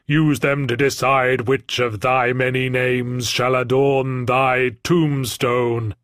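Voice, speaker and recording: A man voicing a slow, menacing alien warrior. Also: medium pitch, level tone, a bit bright, no room sound, clean studio sound. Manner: slow, archaic, formal threats. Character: solemn, menacing male alien warrior hunter. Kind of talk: audiobook character voice.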